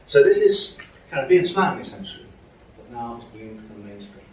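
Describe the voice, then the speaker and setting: Talking fast and very animated in a mid-range voice, a man delivers an academic lecture in a lecture hall. He hesitates, restarts, and uses many fillers, and the distant recording carries the hall's echo.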